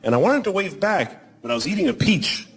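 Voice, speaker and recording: A man's voice: high voice, very animated, brisk, slight background noise. A man in his forties performing a stand-up set on a concert hall stage, rambling and self-deprecating as he acts out scenes. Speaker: stand-up comedian. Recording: live concert recording with loud crowd. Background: loud laughing audience.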